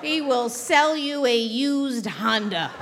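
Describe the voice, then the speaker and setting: A woman's voice: on the high side, lively intonation, slow pace, crowd noise, background noise. A woman host telling a brash, profane comic story on a theater stage before a live audience.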